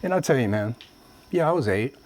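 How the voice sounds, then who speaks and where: A man's voice: mid-range voice, expressive, brisk, a little mellow. A man from Vietnam giving a public talk, telling a personal story earnestly and addressing the audience directly. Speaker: motivational speaker. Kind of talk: public speech.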